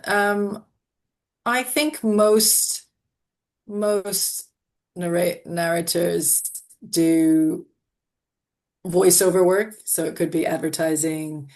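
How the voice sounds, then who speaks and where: A woman publisher answering interview questions thoughtfully, often restarting and hedging her sentences. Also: on the low side. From half American, not Australian. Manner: thoughtful, with frequent restarts and hedges. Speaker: audiobook publisher.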